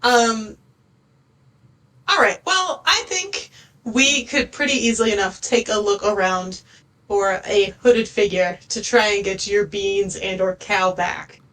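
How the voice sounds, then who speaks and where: A woman player speaking in character in a tabletop game, calm and polite. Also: mid-range voice, a little slow, rough recording. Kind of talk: in-character tabletop role-play.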